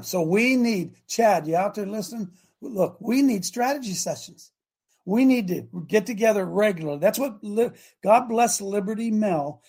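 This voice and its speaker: A male talk show host exhorting listeners in a fiery, preaching style, swinging from shouts to quiet asides. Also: sits high, breathy edge.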